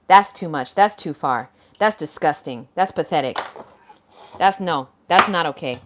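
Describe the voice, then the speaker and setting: A woman's voice: low voice, animated, unhurried, a little hiss or hum. Blunt woman ranting on a livestream. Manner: blunt, heated, swears freely; reads out and answers viewer comments. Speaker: livestream host. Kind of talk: casual livestream rant.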